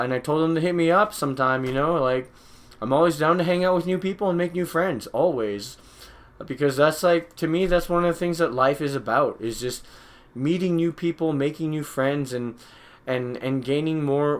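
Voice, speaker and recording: A man's voice: fairly high pitch, a bit bright. A young man from Utah, a DJ hosting a live stream, rambling through a story in casual chat, full of "like" and "you know".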